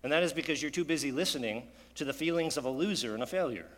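A man's voice: on the high side, fast, a bit bright, long reverb tail. A man preaching a sermon in an earnest, conversational way, often asking his listeners rhetorical questions. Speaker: pastor.

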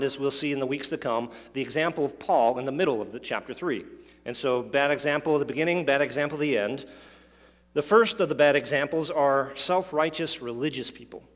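A man's voice: mid-range voice, a bit bright. A man preaching a sermon, explaining a scripture passage, asking rhetorical questions and adding asides. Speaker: pastor. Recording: long hall reverb.

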